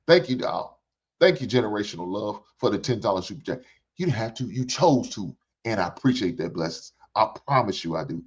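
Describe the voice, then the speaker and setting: A man's voice: mid-range voice, sing-song, brisk, husky. An older man hosts a reaction show, ranting bluntly with lots of profanity and preaching in repeated phrases. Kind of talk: ranting commentary. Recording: dull lo-fi recording.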